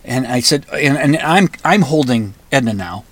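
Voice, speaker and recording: In a dry recording, an animated man with a mid-range voice and a breathy edge speaks at normal speed. Recounting a personal story conversationally, he restarts sentences and erupts now and then into loud, angry emphasis.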